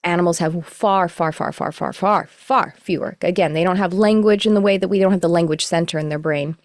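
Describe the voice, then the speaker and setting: A middle-aged woman teaching a live online class, explaining in a relaxed, rambling way with self-corrections. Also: on the low side, a little fast, dry recording, clean studio sound. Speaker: course teacher. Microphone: video call.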